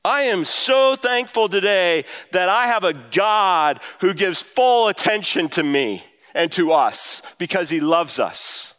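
A man preaching a sermon to his church, talking in an animated way that climbs higher when he quotes and drives home a point. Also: takes it slowly, hardly any pauses, clean tone. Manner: animated, rising pitch when quoting and emphasizing. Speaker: pastor. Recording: long hall reverb.

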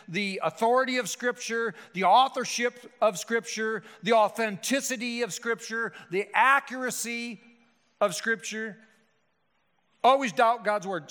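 A man's voice: sits high, bright, forceful tone. A male pastor preaching a sermon with emphatic, rhetorical delivery and frequent restarts. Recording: hall reverb.

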